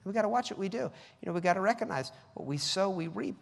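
A man preaching a sermon, reading scripture slowly and mimicking people in high voices. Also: lively intonation, creaky, long reverb tail.

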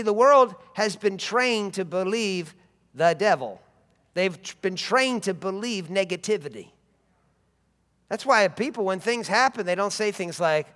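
A man's voice: sits high, fairly bright tone, big-room sound. A man preaching a sermon with emphatic, repetitive phrasing and rising bursts.

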